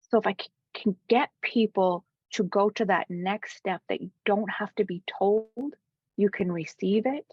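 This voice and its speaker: A woman guest, a spiritual coach, telling a heartfelt personal story in an interview, dropping to soft whispers at times. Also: mid-range voice, measured pace, slightly rough, dry recording, muffled recording. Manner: earnest, drops to soft whispers for quoted moments.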